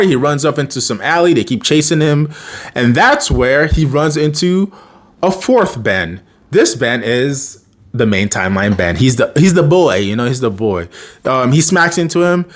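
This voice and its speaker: A man casually recapping a cartoon episode in a rambling way, with lots of fillers and restarts. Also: mid-range voice. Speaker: cartoon reviewer.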